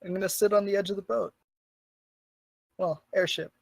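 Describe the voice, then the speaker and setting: A woman playing a tabletop game, talking in halting phrases broken up by giggles. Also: medium pitch, fairly even intonation, creaky, no room sound, clean studio sound. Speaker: player. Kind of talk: casual tabletop game chat.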